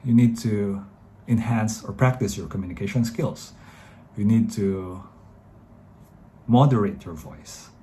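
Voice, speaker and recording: Filipino guy in his 30s rambling dating tips at the camera, lowish mellow voice, faint room hum. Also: a little slow, pauses often. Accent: Filipino English. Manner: chatty, rambling, addresses viewers as guys. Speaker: dating advice vlogger. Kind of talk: casual advice talk to camera.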